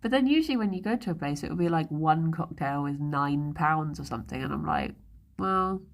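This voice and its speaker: A woman's voice: low voice, lively intonation, brisk. A young woman streaming live, chatting casually and rambling, laughing often as she goes. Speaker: livestreamer. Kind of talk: casual chat.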